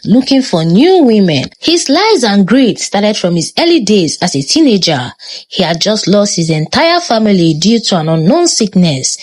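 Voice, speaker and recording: A woman with a Nigerian accent giving scripted narration of a moral folktale, expressive and lilting. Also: medium pitch. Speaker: storyteller.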